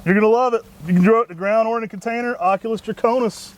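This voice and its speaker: Upbeat high-voiced man. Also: racing, a little hiss or hum. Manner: energetic, folksy, says y'all. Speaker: co-host of plant show. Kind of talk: enthusiastic product talk.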